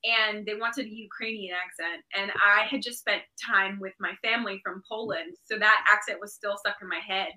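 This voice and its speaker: A woman's voice: medium pitch, steady tone, normal speed, few pauses, pushed and bright, low-quality recording. A woman actress being interviewed, telling stories in a chatty, anecdotal way. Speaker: actress guest. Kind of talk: casual interview chat.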